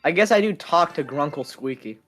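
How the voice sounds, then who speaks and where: A man's voice: on the high side, expressive, a little fast, a bit bright, soft background music. A man streaming a speedrun, chatting casually and teasing while he plays. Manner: joking, offhand, teasing. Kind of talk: casual chat while gaming.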